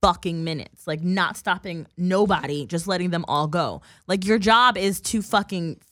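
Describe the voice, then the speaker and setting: A woman's voice: on the low side, fairly bright tone, dry recording, studio quality. A young woman telling a heated story on a casual podcast, cursing freely. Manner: fast-talking. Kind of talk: casual chat.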